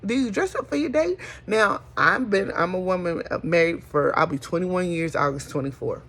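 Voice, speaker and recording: Gravelly middle-aged woman chatting. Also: fairly low pitch, expressive, normal speed, fairly bright tone. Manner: chatty, folksy, calls listeners honey. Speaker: host. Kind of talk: casual chat.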